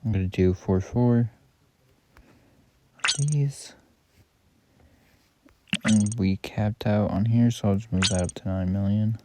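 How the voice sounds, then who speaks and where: A man's voice: fairly low pitch, fairly even intonation, normal speed, hardly any pauses. A man giving casual, rambling commentary on his own game, correcting himself as he goes. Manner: rambling, self-correcting, offhand. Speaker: gaming YouTuber. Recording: loud background noise.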